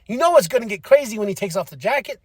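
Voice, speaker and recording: Male podcast host, casual and animated, slightly high voice, dry close recording. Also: racing, husky, no room sound. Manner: animated, acts out quotes in shifting voices. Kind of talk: casual wrestling recap.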